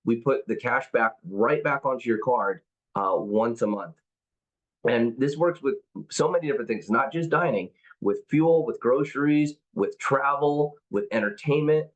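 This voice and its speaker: A middle-aged man, a company CEO, giving an enthusiastic sales pitch on an overview call, often restarting his sentences. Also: moderate pace, highs cut off. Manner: enthusiastic, promotional, frequent restarts.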